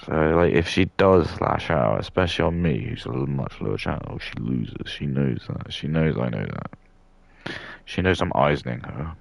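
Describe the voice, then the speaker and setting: A man's voice: rumbling low, expressive, normal speed, gravelly, no echo. A man in his thirties rambling and ranting in a casual stream while building models, swearing freely. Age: 30s.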